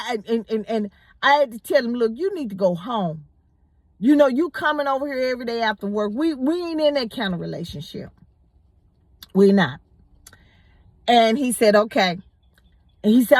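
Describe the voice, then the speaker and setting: A woman telling a personal story in a casual, animated way, often repeating words as she goes. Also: fairly high pitch, dry recording. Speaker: storyteller host.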